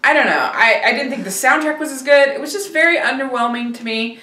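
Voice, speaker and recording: A woman hosting a film review chat, talking casually and hesitantly with many pauses and restarts. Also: high-pitched, animated, sharp tone. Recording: roomy, distant from the mic.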